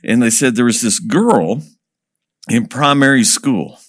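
A man working as a missionary speaker tells a story to an audience, lively, asking questions and chuckling as he goes. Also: medium pitch, unhurried.

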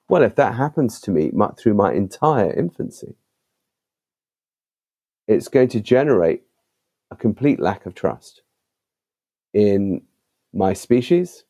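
A man who is a podcast guest and author, telling stories in an animated, emphatic conversational way. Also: mid-range voice. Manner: animated, emphatic, with vivid asides. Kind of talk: conversational storytelling.

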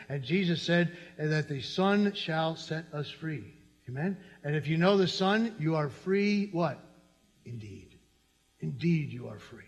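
Animated man preaching in an echoey hall. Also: on the high side, measured pace, dull audio. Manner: animated, conversational preaching with repetition. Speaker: pastor. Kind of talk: sermon.

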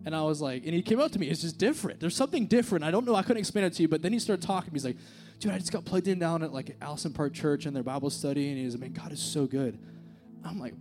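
A man's voice: fairly high pitch, animated, fast, a little mellow, soft background music. Earnest young man preaching casually. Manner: casual, earnest, many fillers like "like" and "dude". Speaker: youth speaker. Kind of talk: informal sermon with a personal story. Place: church service. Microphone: handheld microphone.

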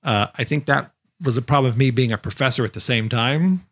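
A man's voice: medium pitch, brisk, fairly bright tone. A man co-hosting a podcast, telling a long story in casual chat and acting out the quotes as he goes. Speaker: podcast co-host, former Jungle Cruise skipper.

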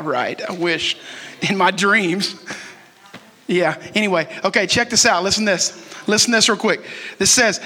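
Man, preacher, joking sermon, long church reverb. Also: sits high. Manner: joking, self-teasing, animated. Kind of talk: lively sermon. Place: church sanctuary.

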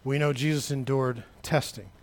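A man preaching a sermon, talking straight to the congregation, building to shouted peaks and then dropping low and quiet. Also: steady tone, moderate pace. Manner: conversational, addresses the congregation directly.

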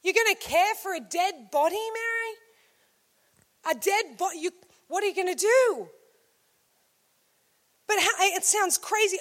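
Very high-voiced woman preaching a sermon. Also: a little slow, long pauses. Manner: expressive, swings from loud emphasis to hushed storytelling.

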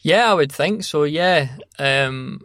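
A man's voice: on the high side, expressive, slow, a bit bright, no room sound, clean studio sound. A Scottish man co-hosting a podcast, speaking hesitantly in casual chat. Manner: hesitant, lots of ums and restarts. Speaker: podcast co-host.

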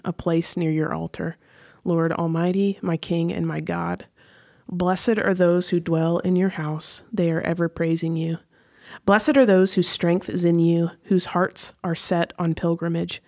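A woman hosting a podcast, chatting casually and reading scripture aloud at an unhurried pace. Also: fairly low pitch, a little mellow. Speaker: podcast host.

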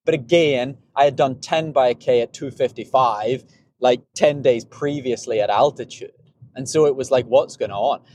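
A man's voice: mid-range voice, darkish tone, a little hiss or hum. A man hosting a podcast in a casual, rambling monologue about running, often repeating and restarting words. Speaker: podcast host, runner.

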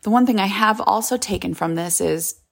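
A woman's voice: medium pitch, moderate pace, gravelly. A middle-aged woman hosting a podcast, telling her own dating story in a candid, confessional way. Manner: candid, confessional, yawning at times. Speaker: podcast host. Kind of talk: personal storytelling monologue.

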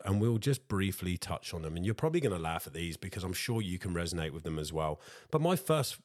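A very low-pitched man chatting away on his own podcast, talkative and casual, often calling his listeners guys. His voice is close and dry, with no room sound around it. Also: no echo. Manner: talkative, addresses listeners as guys, repeats himself. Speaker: podcast host. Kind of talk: solo motivational podcast chat.

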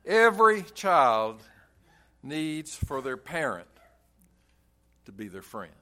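A male pastor preaching a sermon, telling a story and giving an invitation in an earnest, emphatic way with drawn-out phrases. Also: fairly high pitch, big pitch swings, bright, forceful tone.

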